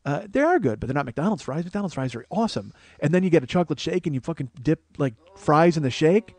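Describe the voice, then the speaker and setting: A man's voice: a little high, big pitch swings, fast, darkish tone, no room sound. A man hosting a podcast, telling a rambling, profane comic story that gets more and more worked up. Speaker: podcast host. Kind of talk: comedic storytelling monologue.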